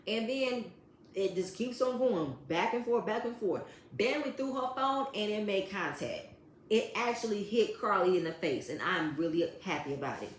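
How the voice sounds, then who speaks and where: A woman's voice: mid-range voice, animated, normal speed, a little hiss or hum. Sassy woman vlogger in a roomy space. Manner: blunt, sassy, profane, addresses cast members directly. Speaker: reality TV recap vlogger. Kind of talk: casual commentary recap. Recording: roomy echo.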